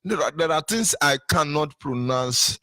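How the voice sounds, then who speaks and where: A man's voice: on the high side, expressive, unhurried, pushed and bright, no room sound. An older man with a Nigerian accent, delivering an impassioned political monologue with emphatic repetition and sing-song rises. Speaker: political commentator.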